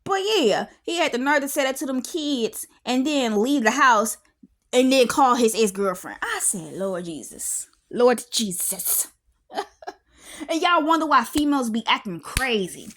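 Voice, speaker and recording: An outspoken woman in her thirties with a fairly high voice. She talks animatedly in a casual reaction vlog and gets loud at times. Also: moderate pace. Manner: animated and outspoken, with frequent laughs and exclamations. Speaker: reality TV reviewer.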